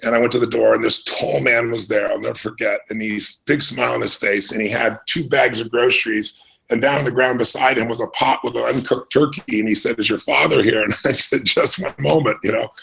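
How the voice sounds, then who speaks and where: An earnest middle-aged man from the United States, recounting his past at an unhurried, reflective pace. His voice is gravelly with a husky edge, and he often restarts his sentences as he speaks. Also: mid-range voice, fairly even intonation, bright, forceful tone, poor audio. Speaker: interview guest. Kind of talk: conversational storytelling.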